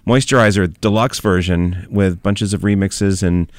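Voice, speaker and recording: A man's voice: sits low, fairly even intonation, a little slow, no echo. A man co-hosting a radio show, talking about music in a rambling, hesitant way. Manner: rambling, hesitant, many fillers. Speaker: radio host. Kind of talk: casual radio banter. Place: radio studio. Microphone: studio mic.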